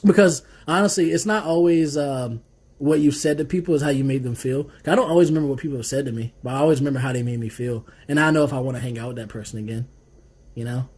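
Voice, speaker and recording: Husky laid-back podcast guy. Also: mid-range voice, quick pace, darkish tone. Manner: laid-back, swearing, laughs often. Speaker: podcast co-host. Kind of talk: casual chat.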